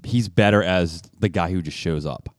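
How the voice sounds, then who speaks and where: Low voiced dude, blunt opinions, swears a lot, dry mic. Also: male voice, moderate pace, no echo. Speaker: podcast co-host. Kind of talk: casual chat.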